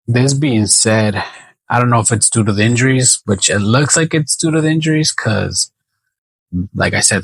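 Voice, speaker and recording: A man talks through his betting picks in a slow, unhurried way, with a gravelly, husky voice. He thinks aloud, hesitates and corrects himself often. The sound is dry and close. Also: on the low side, a bit bright, no echo, poor audio. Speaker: sports betting predictor. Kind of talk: casual solo prediction talk.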